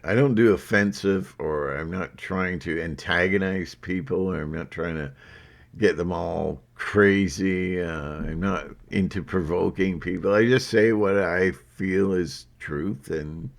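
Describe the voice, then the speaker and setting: Casting: man, low voice, slow unhurried delivery, rambling defiant vlog host, lots of "uh"s. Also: vocal fry. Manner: defiant, unfiltered, hesitant with many fillers. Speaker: channel host. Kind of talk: rambling monologue to camera.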